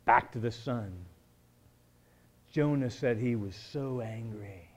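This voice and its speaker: A man as pastor, preaching a conversational sermon with joking asides and shifts between quiet talk and emphatic build-ups. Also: mid-range voice, takes it slowly, lo-fi sound.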